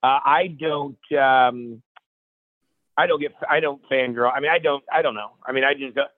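Excited man telling stories over a tinny phone line. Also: mid-range voice, moderate pace, no echo. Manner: energetic, repeats and restarts phrases, acts out quotes. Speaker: guest chef. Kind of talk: animated storytelling on a radio show.

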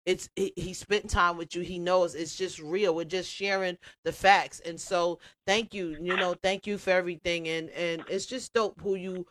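Animated storytelling woman on radio. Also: on the low side, normal speed, few pauses. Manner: animated storyteller, acts out dialogue. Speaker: guest, radio and cooking personality. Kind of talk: casual radio interview chat.

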